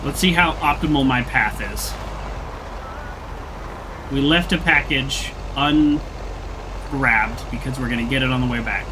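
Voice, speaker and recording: A man's voice: mid-range voice, unhurried, pauses often, noisy background. A young man streaming a video game, chatting casually and joking with mock indignation. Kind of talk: casual gameplay commentary.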